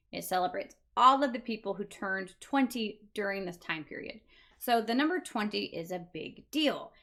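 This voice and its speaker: A woman's voice: medium pitch, a bit bright. A woman teaching a beginner Japanese lesson, patiently repeating each word for learners. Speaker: language teacher.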